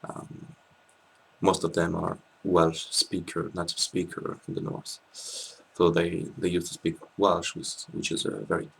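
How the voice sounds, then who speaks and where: French guest, very low gravelly voice, halting and thoughtful. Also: male voice, completely flat delivery, a bit bright. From France. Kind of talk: casual interview chat.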